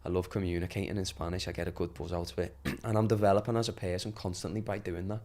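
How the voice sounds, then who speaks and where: A man's voice: low-pitched, level tone, fast, a little mellow. A young man with a Liverpool accent talking earnestly and chattily as a podcast guest, laughing often. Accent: Liverpool (Scouse). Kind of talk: casual conversation.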